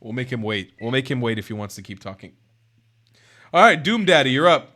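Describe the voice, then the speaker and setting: A man's voice: mid-range voice, animated, sharp tone. A man hosting a live stream who talks bluntly and swears, often breaking into mock crying and laughter. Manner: fast, brash, blunt talk to callers. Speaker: livestream host. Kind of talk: casual live-stream debate chat.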